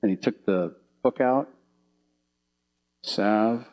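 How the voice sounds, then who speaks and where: A man's voice: on the low side, takes it slowly, poor audio. A man preaching a sermon from slides, telling vivid little stories and asking the audience questions. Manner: animated storytelling, asks the audience questions.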